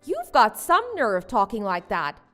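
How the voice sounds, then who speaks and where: A woman's voice: medium pitch, huge pitch swings, a little slow, bright, forceful tone, faint music behind, full character voice. A woman voicing a wronged young wife and new mother who protests and pleads with her husband. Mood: protesting. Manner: indignant, pleading. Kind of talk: story drama voice acting.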